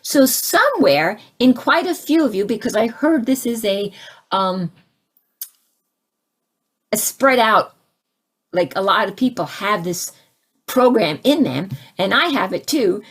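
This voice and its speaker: A woman giving a conversational spiritual talk, asking her listeners questions and turning animated as she acts out her own reactions. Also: measured pace, pauses often, husky. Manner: animated, rising to high exclaims when acting out her own reactions; conversational, asks the audience questions. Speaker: spiritual teacher.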